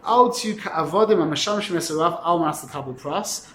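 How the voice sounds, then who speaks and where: A man with a somewhat high voice leads a Torah class, animated and quick to restart his sentences. He teaches in an echoey room with a faint murmur of ambience behind him. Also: slight background noise. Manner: animated, uses Hebrew and Yiddish terms, frequent self-corrections. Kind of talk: lively class teaching Tanya. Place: classroom with students.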